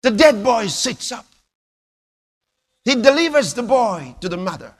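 A man preaching a sermon, telling stories dramatically with sudden loud bursts and hushed drops. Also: very high voice, big pitch swings, unhurried.

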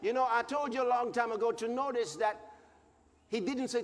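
A man preaching a sermon as a pastor, fervent and emphatic, repeating phrases and rising to shouted peaks. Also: very high-pitched, normal speed. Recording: long hall reverb, faint background noise.

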